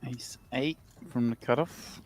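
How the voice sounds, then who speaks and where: A man's voice: mid-range voice, steady tone, measured pace, slight background noise. Dry poker play-by-play man. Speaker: poker commentator. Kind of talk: live play-by-play commentary.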